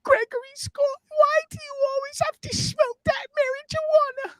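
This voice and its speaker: A man's voice: very high-pitched, little pitch movement, normal speed, pushed and bright, no echo, pitched above the performer's own voice. A man voicing his disapproving older mother in a fretful, pleading tone. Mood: whiny. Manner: whiny, pleading.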